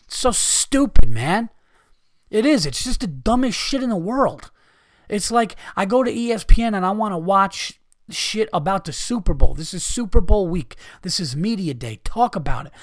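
A man with a fairly high voice rants into the mic, profane and exasperated. He slips into mocking imitations of other people. The sound is dry and close, with no room echo. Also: expressive, normal speed. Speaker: podcast host. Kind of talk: ranting monologue.

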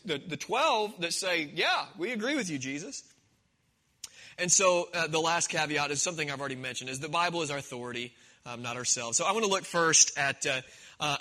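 Bright, high-voiced male preacher. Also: rough recording. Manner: conversational storytelling, acting out the scenes. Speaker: pastor. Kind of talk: sermon.

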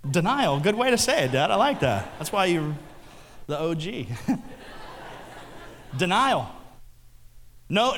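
A middle-aged man preaching a sermon as a pastor, telling jokey stories and bantering with the congregation. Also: on the high side. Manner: animated, joking storytelling with the congregation. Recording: long hall reverb, faint music.

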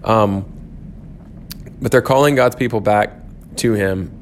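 A man's voice: lowish voice, takes it slowly, slight background noise. A man teaching a church class, thinking aloud with frequent restarts and fillers.

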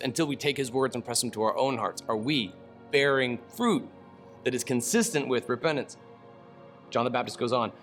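A man teaches through a Bible passage at an ordinary middle pitch, reading the text and then riffing on it in casual slang. He is animated and often laughs at his own remarks. Soft music plays faintly behind him. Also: normal speed.

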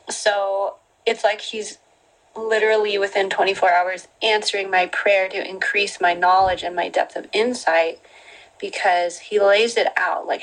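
A woman's voice: fairly low pitch, poor audio. A woman hosting a podcast, talking about faith in a casual devotional way, earnest and full of fillers like "like" and "you know". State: getting emotional near the end. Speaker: podcast host.

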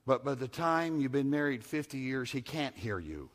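A man's voice: medium pitch, sing-song, normal speed, a little hiss or hum. Man preaching with big swings in volume. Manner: dynamic preaching, swings from hushed to loud; repeats key phrases for emphasis. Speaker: pastor. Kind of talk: sermon.

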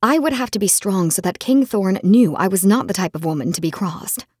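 A woman reads a fantasy novel aloud in the first person, dramatic and expressive. Her voice is husky and breathy, recorded dry and close with no room sound. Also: medium pitch, fairly quick, dry recording. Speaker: audiobook narrator. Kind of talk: first-person scripted narration.

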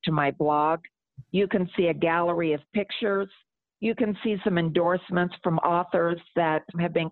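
Woman author, middle-aged, lowish voice, dry phone-line sound. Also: dry recording. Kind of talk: interview answers and book reading.

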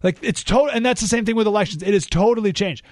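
A man hosting a talk radio monologue. He speaks in a fairly high, animated voice that jumps into exclamations. The sound is dry and close on a studio microphone. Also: fast talker, dry recording. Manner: animated, exclamatory, thinking aloud with restarts. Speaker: radio talk show host.

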